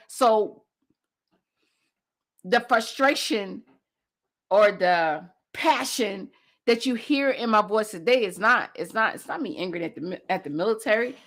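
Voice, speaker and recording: A woman's voice: medium pitch, fairly bright tone. A woman host and coach giving a passionate motivational talk, driving points home by repeating phrases.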